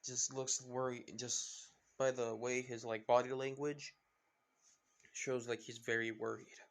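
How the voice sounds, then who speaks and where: A man's voice: medium pitch, level tone, unhurried. A man improvising a fan-fiction story, rambling and hesitant with frequent restarts.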